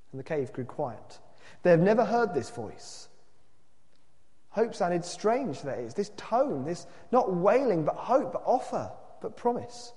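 A man preaching in a fairly high, lively voice that swings widely. He reads the story expressively, dropping to a hush at moments. His voice rings in a large hall with a long reverb. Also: unhurried. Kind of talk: sermon with a read-aloud story.

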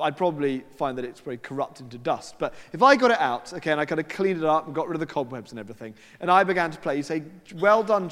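A man preaches a sermon in a church, his fairly high voice rising and falling with lively, animated pitch. He talks casually through the stories, quoting people in his own voice. A long reverb trails off each phrase. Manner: conversational storytelling with quoted voices and asides.

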